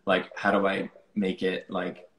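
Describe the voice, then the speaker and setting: A man's voice: low voice, completely flat delivery, unhurried, fairly bright tone, roomy sound. A young man answering interview questions casually, rambling with many fillers and restarts. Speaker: musician being interviewed.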